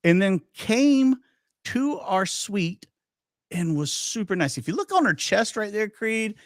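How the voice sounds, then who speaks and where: A chatty male podcast host spins anecdotes in a casual, storytelling way, his voice sitting a little high and swinging widely in pitch. The sound is dry and close, with no room around it. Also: measured pace, no room sound. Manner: animated, chatty anecdote-telling with quoted dialogue.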